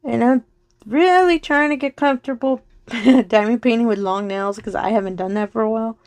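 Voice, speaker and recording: A woman chatting casually while diamond painting on her craft channel, her voice going soft and slow as she focuses, with frequent giggles. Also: on the high side, no echo. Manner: giggles often between remarks. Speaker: crafting vlogger.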